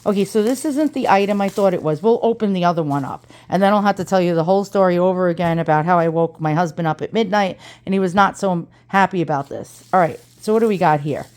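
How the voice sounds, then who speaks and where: A woman's voice: medium pitch, a little fast, darkish tone. A woman with an East Coast American accent, talking in a chatty and dramatic way in a casual unboxing vlog, swearing freely. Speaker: antiques reseller vlogger.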